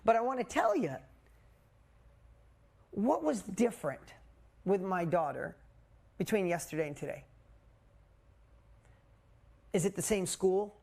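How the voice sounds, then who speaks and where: Here the coach, a man in his forties leading a live group call by video, recounts something from his own life with candor, energy and casual profanity. His high, gravelly voice moves at a moderate pace with frequent pauses.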